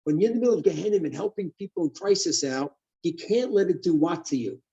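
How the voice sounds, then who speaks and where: A man giving a sermon as a rabbi, lively and asking and answering his own questions. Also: sits high, fast talker, vocal fry, lo-fi sound.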